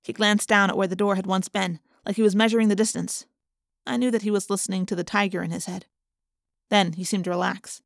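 A woman reading a first-person audiobook in a steady, measured storytelling voice. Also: medium pitch, gravelly, no echo, studio quality. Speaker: audiobook narrator.

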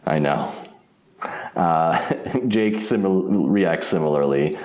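A man with a very low, deep voice talks through an episode recap in a loose, rambling way, often laughing and restarting his sentences. The sound is roomy and echoey. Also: slow pace. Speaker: podcast co-host. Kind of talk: casual episode recap chat.

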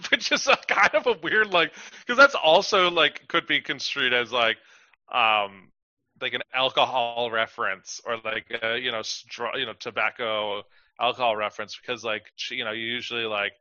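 A man with a very bright, forward voice talks casually on a podcast, rambling with plenty of fillers and acting out little quotes. The sound is dry and slightly dull, a bit lo-fi, with no room around it. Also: medium pitch, moderate pace, no room sound. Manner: chatty, rambling, lots of fillers and acted-out quotes. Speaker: podcast co-host. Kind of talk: casual chat.

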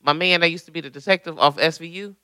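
A man's voice: on the high side, fast talker, sharp tone. A man in casual chat who argues his points about films.

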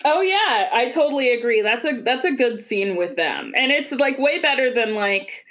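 A woman's voice: fairly high pitch, animated, moderate pace, fairly bright tone. A young woman in casual chat about a film, laughing often and filling her talk with "like". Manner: laughing, filler-heavy.

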